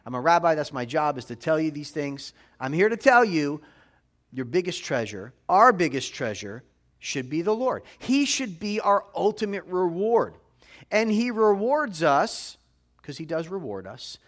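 A man's voice: sits high, fairly bright tone. A middle-aged man preaching a sermon as a rabbi, talking conversationally to the congregation and often asking "right?". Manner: conversational preaching, frequent tag questions.

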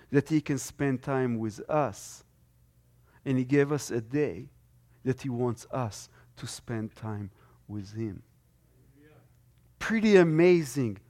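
A man's voice: mid-range voice, a little mellow. A man preaching a sermon with strong emphasis, his voice swelling and dropping.

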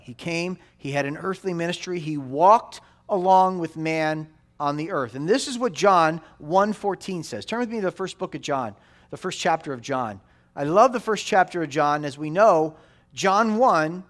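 A man in his forties delivers a sermon in a fairly high voice. His pitch swings widely as he drives his points home. He repeats phrases for weight and keeps asking his listeners "right?". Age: 40s. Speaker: pastor.

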